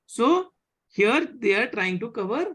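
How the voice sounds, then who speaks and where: A French teacher runs a live beginner class over a video call. The voice is a little husky and the delivery slow, with pitch that rises and falls a lot. The teacher patiently repeats points and keeps asking whether the students follow. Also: expressive, fairly bright tone. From India. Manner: patient, repeats and checks understanding.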